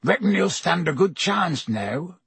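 A male narrator voicing a huge, gruff but kindly gamekeeper who talks in a rough, homely way. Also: high voice, very animated, a little slow, a bit bright, no echo, voice pushed up, heavily acted. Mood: chiding.

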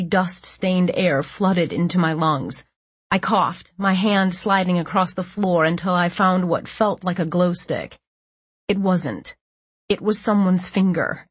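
A woman reading a first-person audiobook narration in a steady, measured way. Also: fairly low pitch, breathy edge, no echo.

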